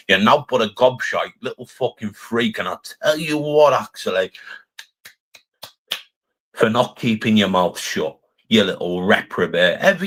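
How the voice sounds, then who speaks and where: A man's voice: on the low side, fairly bright tone. Foul-mouthed Cumbrian man ranting. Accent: Cumbrian English. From Cumbria, England. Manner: angry, profane, insulting; mocking, jeering. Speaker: streamer. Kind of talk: live stream rant.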